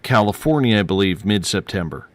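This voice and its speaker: A man hosting a radio talk show. He speaks in a brisk, announcer-like way as he reads questions and wraps up the show. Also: lowish voice, expressive, no echo.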